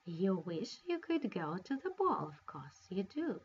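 A woman voicing a short, plump, kindly old fairy godmother in a storybook reading, soothing and unhurried. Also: medium pitch, big pitch swings, breathy edge, highs cut off, pitched below the performer's own voice, heavily acted.

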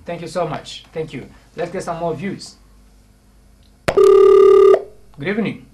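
A man's voice: fairly high pitch, moderate pace, a little hiss or hum. A man hosting a live call-in TV show, calling out greetings again and again and giving short prompts to callers. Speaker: TV talk show host.

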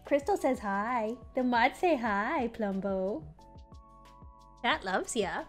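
A young woman with a fairly high, expressive voice hosts a casual livestream as a community manager, speaking slowly. She chats with viewers and coos at her dog in baby talk, with faint music playing behind her.

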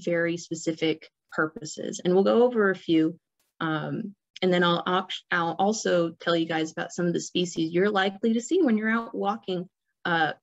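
A woman with a fairly low voice gives a loose, chatty lecture at a nature center. She talks in a relaxed way, with plenty of ums and restarts. The recording sounds dull and lo-fi. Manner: relaxed, many fillers and restarts. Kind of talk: informal illustrated lecture.

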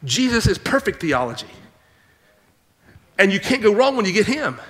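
A man preaching in a church with a high, bright, forceful voice. He reads scripture, then breaks into animated asides and acts out the people he quotes. The sound carries a long hall reverb. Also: normal speed. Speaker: pastor. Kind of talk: sermon. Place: church sanctuary.

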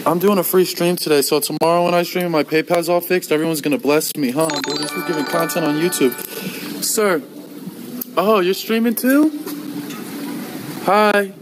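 Loud goofy male street streamer. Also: on the high side, normal speed, music in the background, poor audio. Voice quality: loud, goofy and taunting, repeats phrases. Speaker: IRL streamer. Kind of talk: rambling live street stream. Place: outdoors on a city street and at a hotel door. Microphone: handheld phone.

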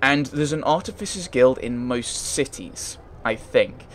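A man's voice: medium pitch, measured pace, faint music behind. A man playing a story game, reading its text aloud and thinking aloud in casual, hesitant commentary. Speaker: let's play gamer.

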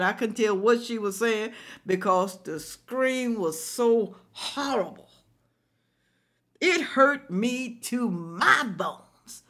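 A woman's voice: on the high side, animated, takes it slowly, a bit bright. A woman hosting a reaction video, commenting indignantly and preaching to viewers.

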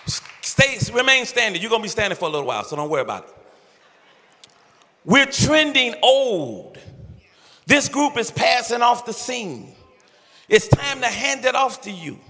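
An older male pastor preaching an impassioned, pleading sermon with rhythmic repeated phrases and shouted peaks, recorded in a large church sanctuary. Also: very high-pitched, very animated, moderate pace, pauses often, some chatter behind. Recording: echoey church hall with long reverb.

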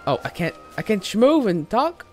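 A woman streaming a video game, chatting in an excitable, giggly, rambling way. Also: mid-range voice, moderate pace, soft background music. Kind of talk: casual gameplay commentary.

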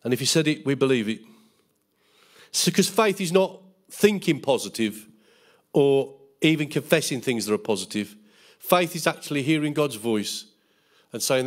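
A man's voice: mid-range voice, animated, normal speed. A middle-aged man preaching a Bible school sermon as pastor, fervent, with tag questions and jokes.

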